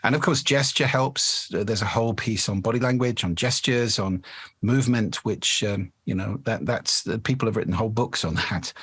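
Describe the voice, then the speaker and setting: A man with a somewhat low, husky voice speaks as a guest coach on a podcast. He explains voice technique patiently and demonstrates different resonances as he goes. The sound is dry and close. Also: normal speed, a bit bright, dry recording. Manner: demonstrative, shifts resonance to show voice placement.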